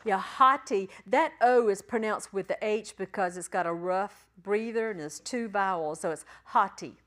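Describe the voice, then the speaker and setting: A woman teaching a church class, patiently spelling out letters and sounding out syllables slowly. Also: mid-range voice. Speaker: Bible Greek teacher.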